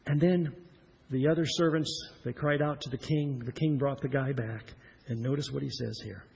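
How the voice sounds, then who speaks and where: A middle-aged man preaching a sermon, swinging between loud emphatic lines and hushed, slowed-down ones. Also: medium pitch, fairly even intonation, gravelly, husky, rough recording. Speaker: pastor.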